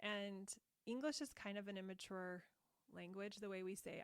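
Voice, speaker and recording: Expressive woman with a dry close sound. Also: medium pitch, a little slow, no room sound. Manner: expressive, emphatic, laughs easily. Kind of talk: podcast conversation on parenting.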